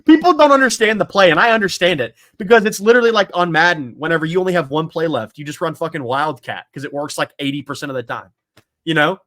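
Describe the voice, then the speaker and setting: A man's voice: a little high, quick pace, a bit bright, dry recording, clean studio sound. A man hosting a football podcast in casual chat, rambling with lots of filler words, swearing and laughing. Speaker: podcast host.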